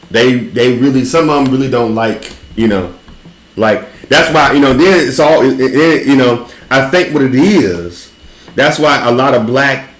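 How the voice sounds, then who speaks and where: Man, casual chat host, rambling delivery, frequent restarts, middle pitch, echoey room. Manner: loose rambling storytelling with frequent restarts and laughter. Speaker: podcast host. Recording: roomy echo.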